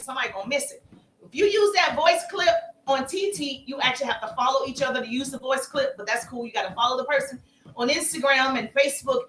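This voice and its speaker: Energetic woman business coach, high and sharp, motivational live-stream delivery in a roomy space. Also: slight background noise. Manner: energetic, repetitive, calls listeners baby.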